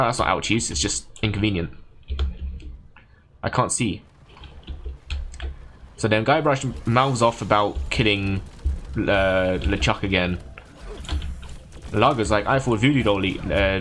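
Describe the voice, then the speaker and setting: A man's voice: on the low side, fairly bright tone, a little hiss or hum. A man streaming a game, chatting casually and retelling a story in a rambling, self-correcting way. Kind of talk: casual chat while gaming.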